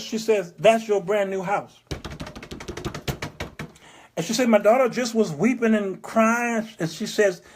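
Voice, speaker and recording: A man in his fifties with a fairly high voice hosts his own talk show. He lectures his listeners, hammers his points home by repeating them, and slips into the voices of the people in his stories. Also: normal speed. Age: 50s. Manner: emphatic, repeats phrases, acts out quoted people. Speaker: show host. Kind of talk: preachy monologue.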